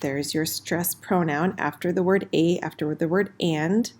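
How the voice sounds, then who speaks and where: A woman teaching a casual recorded lesson, explaining clearly and slowing down for example phrases, with keyboard typing in the background. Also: fairly low pitch, fairly even intonation, darkish tone, slight background noise. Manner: friendly, slows down for example phrases. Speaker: French teacher.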